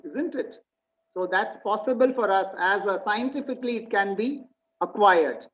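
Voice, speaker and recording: Woman presenting a webinar, slightly muffled. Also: on the high side. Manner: quizzes listeners, reads out slide points. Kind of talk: interactive online presentation.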